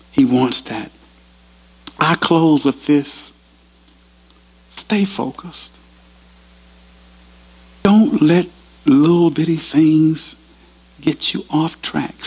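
A pastor giving a sermon in a university chapel, earnest and storytelling. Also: male voice, medium pitch, vocal fry, darkish tone, breathy edge, low-quality recording.

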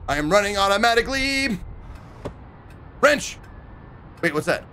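A man's voice: high-pitched, lively intonation, measured pace, sharp tone, slight background noise. A man streaming a horror game, chatting and joking in casual commentary. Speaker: gaming streamer. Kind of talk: casual let's-play commentary.

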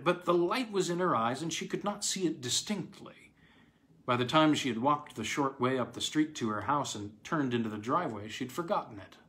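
A man narrating a horror story aloud, dramatic, with sharp swings in pitch and loudness. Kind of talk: scripted horror story reading.

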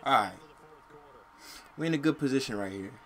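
A man's voice: mid-range voice, lively intonation, normal speed. A young man casually commenting on his football video game, talking in slang and cursing when plays go wrong. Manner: slangy, frustrated, yells and curses at the game. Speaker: gaming channel host.

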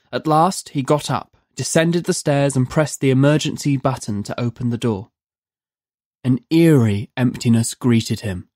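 A horror story narrator reading in a measured, vivid manner. The voice sits in an ordinary middle pitch, recorded close and dry with no room sound. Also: a little mellow, dry recording. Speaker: narrator of a horror audio drama.

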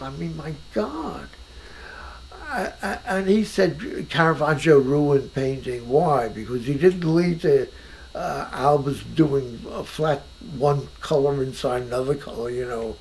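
An older man talks in a relaxed conversation in his own house. His voice is rather high and gravelly, and its pitch swings widely. He speaks emphatically and often restarts his thoughts. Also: a little hiss or hum, poor audio. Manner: animated, emphatic, with many restarts. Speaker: painter being interviewed. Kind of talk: casual conversation.

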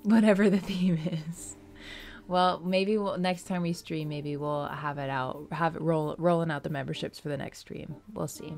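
A woman streaming live, chatting casually with her audience, giggly and excitable and often breaking into laughter. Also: low-pitched, moderate pace, gravelly, soft background music.

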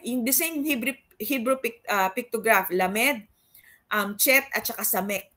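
A woman's voice: on the high side, measured pace, a bit bright. A woman with a Filipino accent leading a Bible study, reading scripture aloud and mixing English with Tagalog in an earnest teaching manner.

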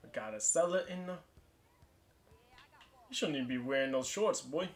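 A young man commenting on a basketball video game, his voice sitting a bit high. He swears and rants, fed up with his teammates. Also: very animated, moderate pace, fairly bright tone. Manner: frustrated, swearing, ranting at teammates. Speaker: gaming youtuber. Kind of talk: casual gameplay commentary.

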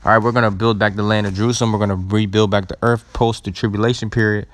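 Man, low voice, scripture teaching, slow and deliberate, repeats words, casual asides. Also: level tone. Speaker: religious teacher. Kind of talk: scripture teaching and word study.

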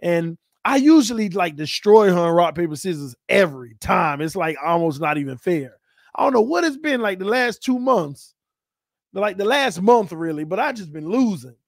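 A man's voice: sits high, very animated, normal speed, dry recording, clean studio sound. Playful man hosting a sports livestream. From Florida. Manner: playful trash talk, laughing, reading chat aloud. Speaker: sports talk livestream host. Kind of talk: casual live-chat banter.

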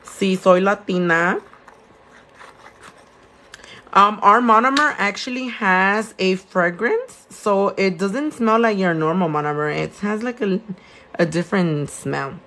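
Here the shop-owning nail tech talks at a measured pace in a medium-pitched, somewhat bright voice, with faint noise in the background. She's a young woman with a Californian accent, chatting casually on a live stream as she works on nails, fielding viewer questions and blending Spanish words into her English.

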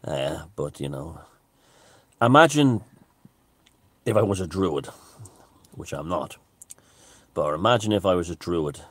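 With a deep voice and no echo, a vlogger delivers a loose, jokey monologue straight to his viewers. It rambles along, packed with fillers and false starts.

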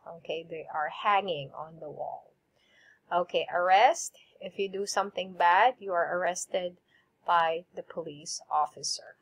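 A woman teacher with a Filipino English accent, leading a recorded vocabulary lesson and having students repeat each word after her. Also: lowish voice. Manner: slow, clear drilling with repeat prompts.

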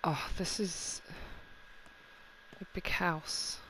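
A man's voice: sits high, fairly even intonation, extremely slow, pushed and bright, a little hiss or hum, poor audio. A man casually commenting on a game he is playing, sarcastic and swearing freely. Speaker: let's play host.

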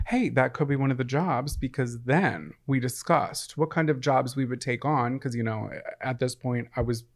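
A man co-hosting a podcast in casual chat, with dry, deadpan quips. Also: mid-range voice, moderate pace. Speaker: podcast co-host.

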